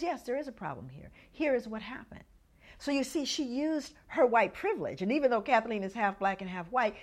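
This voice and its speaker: A middle-aged woman telling a personal story, acting out the voices of the people in it. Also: a little high. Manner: animated storyteller acting out others' lines. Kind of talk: storytelling talk.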